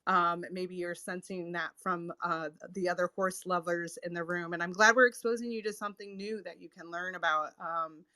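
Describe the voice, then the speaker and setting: Female host, relaxed talker, slightly low pitch, very dry close recording. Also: normal speed, few pauses, dry recording. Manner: warm, chatty, many ums and laughs. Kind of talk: casual chat.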